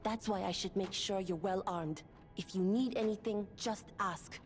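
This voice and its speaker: A woman's voice: mid-range voice, steady tone, normal speed, lightly acted. A woman plays a practical weapons keeper in a video game, offering help in a plain, matter-of-fact way. Faint music sits underneath. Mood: helpful.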